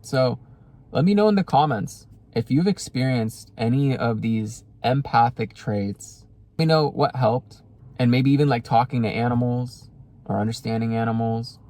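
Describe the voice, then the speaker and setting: A man's voice: mid-range voice, moderate pace, warm tone. A young man vlogging about spiritual self-help, telling a personal story casually, rambling with many fillers and acting out quoted dialogue.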